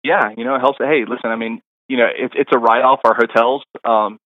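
A man's voice: medium pitch, fairly even intonation, a little fast, dry recording, narrow, tinny audio. A middle-aged man, a caddie guest on a podcast, telling stories in a rambling casual way, full of fillers and restarts. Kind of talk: casual interview storytelling.

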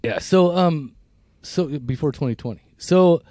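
Mellow-voiced man in his fifties rambling. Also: a little high, no echo, studio quality. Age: 50s. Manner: rambling, reflective, halting restarts. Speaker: podcast co-host. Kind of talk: casual chat.

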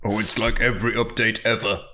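A man's voice: lowish voice, level tone, brisk, sharp tone. A man playing a tabletop game, making wry, dry quips. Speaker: player.

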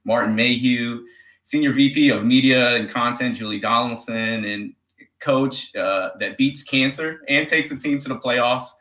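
A man's voice: medium pitch, unhurried, pushed and bright. A man hosting a casual interview, easygoing and asking long, rambling questions. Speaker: podcast host. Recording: roomy echoey room.

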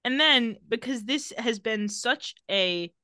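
A young woman recaps a TV episode with a sarcastic, deadpan play-by-play. Her voice is bright and crisp. The sound is dry and close, with no room echo. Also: a little high, slow pace. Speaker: podcast co-host recapping a TV episode. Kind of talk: casual recap chat.

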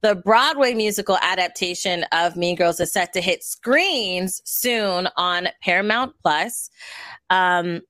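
A woman hosting a casual chat, talking in a relaxed way and laughing easily. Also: lowish voice, takes it slowly, dry recording. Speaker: host.

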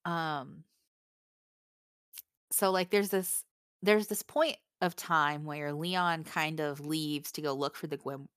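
A woman's voice: sits low, fairly even intonation, slow pace, pauses often, fairly bright tone, clear, resonant tone, dry recording, studio quality. A young woman co-hosting a casual book podcast, gushing and giggling as she reads favorite quotes aloud. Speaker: podcast co-host.

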